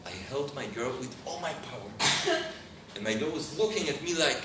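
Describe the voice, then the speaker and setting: A man's voice: mid-range voice, expressive, brisk. A man, a rabbi telling a story to a live audience, often searching for English words. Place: lecture hall with audience. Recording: roomy hall, far mic, background noise.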